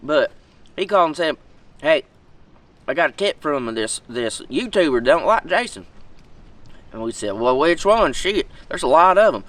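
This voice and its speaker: A man's voice: a little high, sing-song, moderate pace, pauses often, fairly bright tone, far from the mic, rough recording. A man playing an aggrieved, rambling redneck in a comedic monologue, with a tobacco dip in his mouth. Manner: rambling, folksy, loses his thread.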